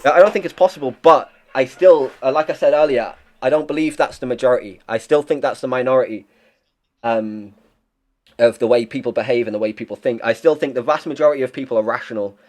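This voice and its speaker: A man's voice: mid-range voice, fast talker, darkish tone. A young man chatting as a podcast guest, rambling and blunt, swearing freely with lots of restarts. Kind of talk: casual chat.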